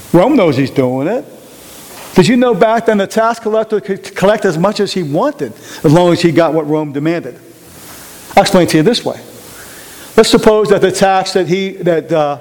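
A man teaching a Bible study as an interactive sermon, animated, asking the group questions and repeating phrases for emphasis. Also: high-pitched.

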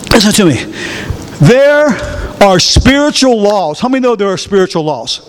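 Very high-voiced animated male preacher. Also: moderate pace. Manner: quizzes the congregation with fill-in questions; animated, bursts into shouts. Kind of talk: sermon.

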